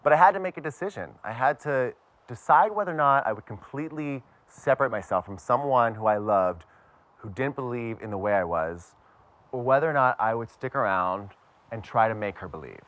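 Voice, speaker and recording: A man's voice: medium pitch, expressive, brisk, a bit bright, no echo. Male storyteller from Pittsburgh, dry self-deprecating wit, ordinary mid-range voice. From Pittsburgh, USA. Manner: wry, self-mocking humor. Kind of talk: personal storytelling to a live audience.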